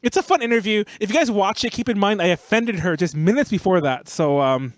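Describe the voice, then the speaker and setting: High-voiced man rambling on a podcast. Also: lively intonation, a little fast, no echo. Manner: rambling storytelling, heavy use of "like". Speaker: podcast host. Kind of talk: casual podcast chat.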